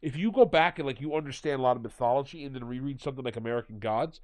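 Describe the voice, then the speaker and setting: A man co-hosting a podcast in casual chat, ranting in an animated, exasperated way. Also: mid-range voice, racing, no room sound. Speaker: podcast co-host.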